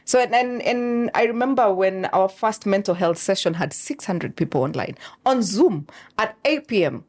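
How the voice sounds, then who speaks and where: A woman, a guest telling how she founded her show, in animated storytelling full of fillers and quoted asides. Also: mid-range voice, normal speed. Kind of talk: conversational interview.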